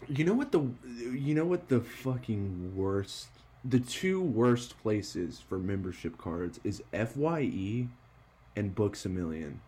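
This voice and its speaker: A young man hosting a podcast in casual chat, animated, swearing a lot and laughing often. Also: lowish voice, slow, slightly rough. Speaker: podcast host.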